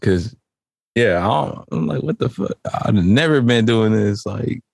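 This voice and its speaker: Podcast co-host, male, low and gravelly, relaxed and profane, dry mic. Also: a little slow, dry recording. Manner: laid-back, profane, laughs often. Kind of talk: casual podcast banter.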